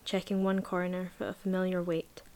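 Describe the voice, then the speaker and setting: A woman reading a novel aloud in a measured, even voice, then chatting casually about the book. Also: lowish voice. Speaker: book reviewer.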